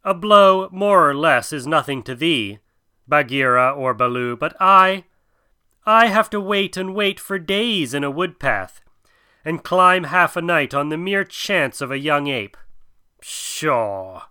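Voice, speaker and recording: A man's voice: fairly high pitch, expressive, slow pace, sharp tone, clean tone, no echo, studio quality, exaggerated voice. A man voicing a proud, courteous old male python in a storybook reading, with hissing, grand, old-fashioned speech.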